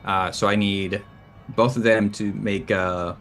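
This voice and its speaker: A man playing a tabletop game, describing his moves in halting, restarting speech. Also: on the low side, fairly even intonation, fairly bright tone, faint music behind. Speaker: player. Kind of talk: casual tabletop game talk.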